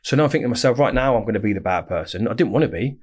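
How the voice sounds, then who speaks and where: A man's voice: medium pitch, expressive, rapid-fire. A man, bluntly telling his story in a casual interview, swearing often and rambling. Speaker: interview guest.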